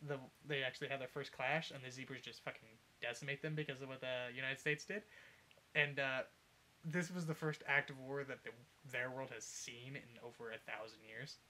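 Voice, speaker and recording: A young man casually retelling a fan story, rambling and swearing, sometimes shouting out the characters' lines. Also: fairly high pitch. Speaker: podcast co-host retelling a fanfic. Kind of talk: casual chat, uncensored storytelling.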